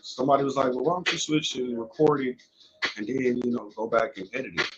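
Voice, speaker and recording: A man's voice: medium pitch, fast talker. A young man hosting a casual, unedited podcast from home on earphones, talking loosely and with lots of swearing. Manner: loose, profane, rambling. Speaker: podcast host. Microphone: earphones headset. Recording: dull lo-fi home recording.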